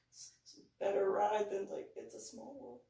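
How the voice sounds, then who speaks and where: A woman rambles slowly and casually through a personal story, with her speech full of "like" and "you know". Her voice bounces around an echoey room. She sits some distance from the mic. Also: mid-range voice, fairly even intonation, gravelly, dark tone. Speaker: author reading and commenting on her book.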